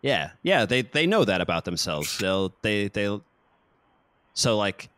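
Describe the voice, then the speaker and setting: A man's voice: on the low side, unhurried, dry recording. Laughing American man, dry and close. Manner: animated, laughs often. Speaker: podcast co-host. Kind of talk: casual chat.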